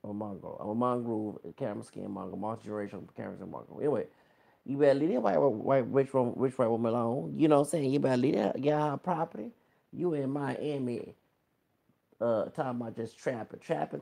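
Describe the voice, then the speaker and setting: A man's voice: medium pitch, lively intonation, moderate pace, creaky, dark tone. A man in his thirties giving a casual, rambling gossip commentary to his viewers, full of exclamations and asides. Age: 30s. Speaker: vlogger.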